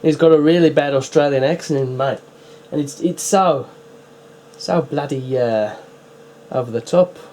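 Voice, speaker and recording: A man's voice: fairly high pitch, a little slow, dark tone, slight background noise. A man giving casual running commentary while setting up and playing old PC games, with wry, chatty asides. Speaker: retro PC builder and player.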